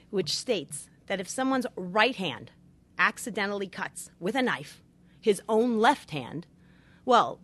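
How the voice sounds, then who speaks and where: A woman's voice: mid-range voice, a bit bright. A middle-aged woman, a marriage therapist, giving earnest, emphatic advice point by point. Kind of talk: advice talk with numbered points.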